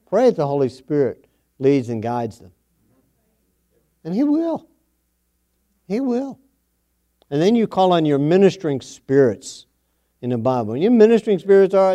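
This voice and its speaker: A middle-aged man with a mellow, highish voice tells a homespun family story as part of a sermon. He preaches in a folksy, repetitive way, coming back to phrases for emphasis.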